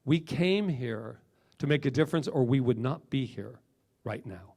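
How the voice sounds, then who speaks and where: Middle-aged male minister, gravelly, animated emphatic preacher. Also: medium pitch, moderate pace. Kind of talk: sermon.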